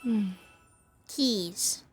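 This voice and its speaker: A woman's voice: medium pitch, very slow, breathy edge, soft background music. A young woman streamer giving playful, rambling commentary as she plays a game, often breaking into giggles. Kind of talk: casual gaming commentary.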